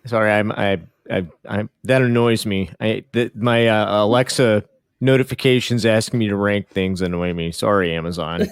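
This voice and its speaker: A man hosting a podcast in casual conversation, animated and self-deprecating. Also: lowish voice, normal speed, clean tone, no echo, studio quality. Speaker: podcast host.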